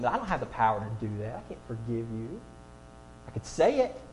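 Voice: medium pitch, big pitch swings, moderate pace, a little hiss or hum, low-quality recording. A preacher delivering a sermon to a room, asking the audience many rhetorical questions.

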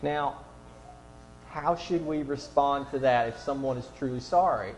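Preacher, sermon, slow delivery, rhetorical questions, faint music behind. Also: medium pitch, a little mellow, lo-fi sound. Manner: asks the audience many rhetorical questions. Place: room with an audience.

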